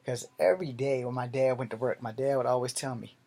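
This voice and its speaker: A man telling a personal story in a vlog, animated and profane, swinging between loud and soft. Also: mid-range voice, fast. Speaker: martial arts vlogger.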